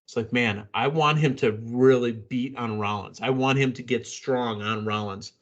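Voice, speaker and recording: A man's voice: mid-range voice, moderate pace, highs cut off. A man hosting a casual wrestling podcast, blunt and opinionated, rambling through his takes. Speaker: podcast host.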